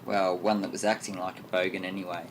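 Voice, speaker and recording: Low-voiced male radio interviewer. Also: level tone, fast, noisy background. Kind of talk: scripted interview questions.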